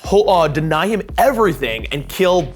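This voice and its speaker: A man playing a tabletop wargame, talking through his moves and getting excited at the dice. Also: a little high, normal speed, soft background music. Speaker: player. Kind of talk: casual tabletop play chat.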